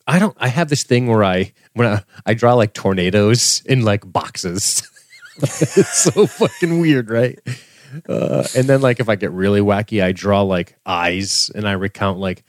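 A man co-hosting a podcast chats casually while recapping a TV episode, laughing often and swearing freely. His voice is on the low side, and the recording has no room sound.

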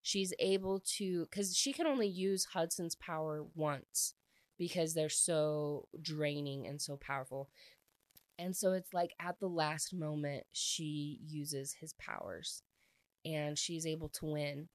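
Woman, low voice, casual rambling book recap, dry close sound. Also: slow pace, no echo. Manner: rambling, frequent "like" fillers. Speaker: book reviewer.

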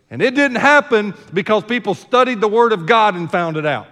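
A man with a Southern American accent preaching a sermon as senior pastor, folksy, shifting from quiet asides to loud, emphatic declarations. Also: high-pitched, lively intonation, normal speed, big-room sound.

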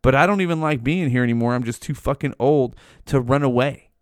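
Bitter, weary old male cat, voiced by a man in his own clear tone, complaining and fed up. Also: mid-range voice, brisk, dry recording, studio quality, natural voice.

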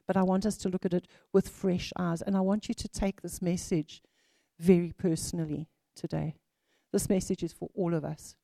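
A woman's voice: lowish voice, steady tone, moderate pace, vocal fry, warm tone, no room sound. A woman in her fifties preaching a sermon in a chatty way, with many fillers and restarts.

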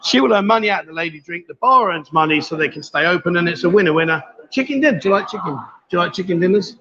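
A man's voice: sits high, lively intonation, racing, bright, forceful tone. A man hosting a livestream from a bar, chatty and teasing with his guests. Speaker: livestream host. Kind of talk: casual chat. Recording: dull lo-fi livestream audio.

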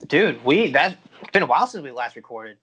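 A man's voice: medium pitch, very animated, a little fast, pushed and bright, husky, muffled recording. A man co-hosting a podcast, talking sports in a blunt, emphatic way and swearing freely. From Tampa Bay area, United States. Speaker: podcast co-host. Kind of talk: casual sports chat.

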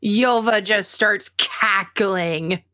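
Brief: bright, high-voiced female player, slow and animated, dry sound. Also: no echo. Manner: animated, filler-heavy. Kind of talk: describing her character's actions.

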